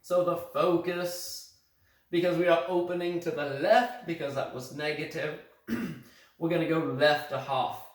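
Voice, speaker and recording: Putting on a fake British accent, a man acts as a math teacher for a recorded remote lesson, speaking slowly at a higher pitch. The phone sits at a distance in an echoey room, and he walks through the material step by step, fixing his slips as he goes.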